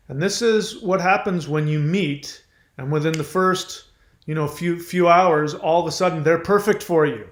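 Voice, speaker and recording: A man hosting a conversational advice monologue who slows down to stress key words. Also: fairly high pitch. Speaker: host. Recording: echoey room.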